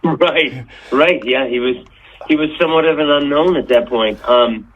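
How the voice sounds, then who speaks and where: A man, a touring rock bassist, chatting as a guest in a casual interview, a playful storyteller who hesitates with fillers. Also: moderate pace. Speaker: touring bass player, guest. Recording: tinny phone line, faint hiss.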